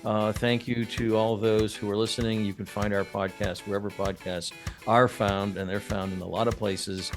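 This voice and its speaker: Gravelly low-voiced male podcast host. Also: flat delivery, normal speed, faint music behind. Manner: rambling, jokey, many fillers. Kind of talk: casual business podcast chat.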